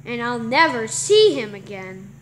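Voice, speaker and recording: A woman's voice: on the high side, sing-song, unhurried, a little hiss or hum, pitched below the performer's own voice. A woman voicing Batman, an earnest male cop who narrates a homemade mini movie in a melodramatic way. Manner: earnest, melodramatic, hums "dun dun" stings.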